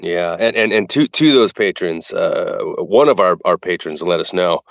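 A man's voice: low-pitched, moderate pace, gravelly, no room sound, studio quality. A man co-hosting a podcast in casual chat, teasing his partner and often repeating words as he talks. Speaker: podcast co-host.

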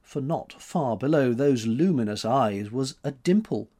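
A man narrates a novel with measured, expressive storytelling. He reads slowly, his pitch rising and falling freely through the lines. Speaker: audiobook narrator. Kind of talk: scripted narration.

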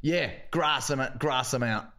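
A man's voice: medium pitch, measured pace, sharp tone. A man co-hosting a comedy podcast, upbeat and laughing as he introduces comedians. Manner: enthusiastic, laughing, introducing acts. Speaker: podcast co-host. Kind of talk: casual chat.

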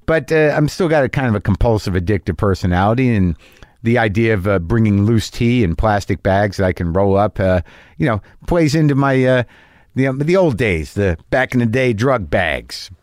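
A man's voice: lowish voice, animated, moderate pace, darkish tone, no echo, clean studio sound. A middle-aged man telling a stand-up story, rambling and self-mocking, swearing freely and acting out his own asides. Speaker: comedian.

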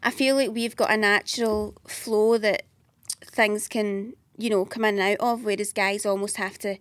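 A woman's voice: medium pitch, steady tone, moderate pace, fairly bright tone, dry recording. Frank young woman, dry close sound. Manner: frank, reflective, thinks aloud. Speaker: podcast co-host. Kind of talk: casual chat.

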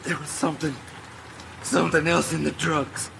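An actor playing a terrified male crook under interrogation, stammering and pleading, in a film clip with loud noise. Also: on the high side, little pitch movement, normal speed, creaky. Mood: frightened.

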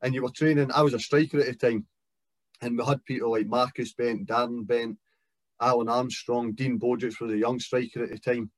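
A man's voice: medium pitch, steady tone, a little fast, no echo. A Scottish man in his thirties, a guest footballer talking in a casual chat, reflective and careful with many fillers. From Scotland.

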